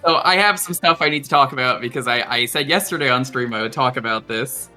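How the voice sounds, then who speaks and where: A man from Long Island hosting a game stream who talks casually and breaks into profane, excitable rants. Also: mid-range voice, fast, faint music behind. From Long Island, New York. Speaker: streamer host.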